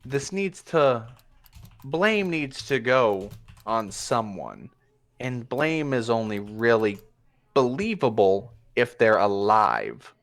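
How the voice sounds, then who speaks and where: A man voicing a secretive masked male criminal contact who speaks in a measured, deliberate way. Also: mid-range voice, very animated, a bit bright, exaggerated voice. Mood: guarded.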